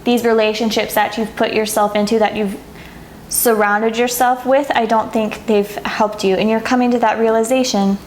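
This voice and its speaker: A woman's voice: a little high, fairly even intonation, moderate pace, reverberant, a little hiss or hum. Emotional woman giving a tarot reading. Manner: soft, emotional, gets teary and laughs. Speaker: tarot reader. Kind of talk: pick-a-card tarot reading to camera.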